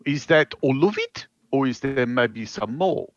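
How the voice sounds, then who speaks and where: A man's voice: medium pitch, lively intonation, unhurried, no echo, highs cut off. A man in a tabletop role-play, speaking in character as an easygoing, scheming crew chemist. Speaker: player.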